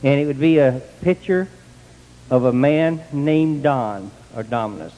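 An older man telling his own story in a plain, folksy way, with bursts of excitement. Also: medium pitch, a little slow. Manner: plain country speech, rising to excited outbursts. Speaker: testimony speaker. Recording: long hall reverb.

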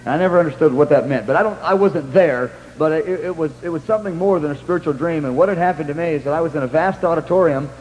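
A man's voice: a little high, fast talker, few pauses, a little mellow, big-room sound, rough recording. A man preaching in a storytelling style, rambling through anecdotes with restarts and acting out what others said. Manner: rambling anecdotes with many restarts and acted-out quotes. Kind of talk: storytelling sermon.

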